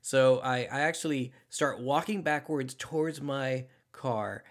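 Casting: man, casual storyteller, emphatic and animated, stumbling restarts. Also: mid-range voice, measured pace. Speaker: former social worker telling a story.

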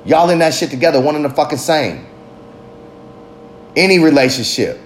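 A man's voice: fairly high pitch, expressive, moderate pace, slight background noise. A father talking in a candid, confessional monologue, blunt and heavy with profanity. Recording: roomy echo.

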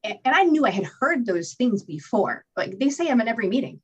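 Candid woman with a husky voice. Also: fairly high pitch, fast, highs cut off. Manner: candid, animated storytelling with profanity and acted-out inner voices. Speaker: podcast guest. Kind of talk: personal recovery story in an interview.

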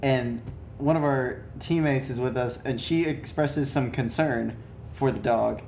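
A young man chats in an easygoing way, adding his side of the story with plenty of fillers. His pitch is ordinary, and the recording has an echoey room sound with a faint rumble behind it. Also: a little slow, gravelly, a little mellow. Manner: laid-back, chiming in, fillers. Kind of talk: casual chat.

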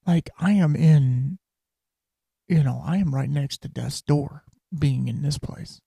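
A man's voice: fairly high pitch, slow pace, vocal fry, warm tone, husky, dry recording. A man hosting a podcast, telling a personal story in a candid, rambling way and dropping to a whisper when he quotes his own thoughts. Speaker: podcast host.

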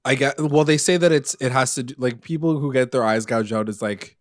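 A man's voice: medium pitch, brisk, dry recording, studio quality. A young man casually recapping a TV episode on a podcast, rambling with lots of fillers and the odd swear word. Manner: rambling, filler-heavy, animated retelling with swearing. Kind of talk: casual chat.

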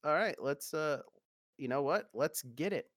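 A man co-hosting a podcast in casual chat, halting with fillers and laughing easily. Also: on the high side, expressive, a bit bright, no echo, studio quality. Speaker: podcast co-host.

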